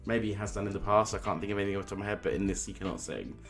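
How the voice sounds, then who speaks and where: This man speaks very fast in a fairly low voice while co-hosting a casual film podcast. His film review chat comes in opinionated bursts, with frequent restarts.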